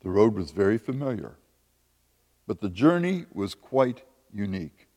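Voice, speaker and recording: A man's voice: fairly low pitch, very animated, measured pace, darkish tone, long reverb tail. A man preaching a sermon as a pastor, with emphatic, repeated lines.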